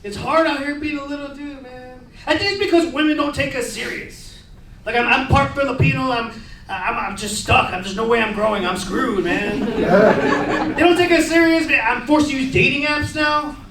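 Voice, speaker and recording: High-voiced profane man doing stand-up. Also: normal speed, bright, forceful tone, slight background noise. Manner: casual, profane, lots of "bro" and "man". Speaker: stand-up comedian. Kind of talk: stand-up comedy set. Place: comedy club stage. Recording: echoey club heard from a distance. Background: laughing audience.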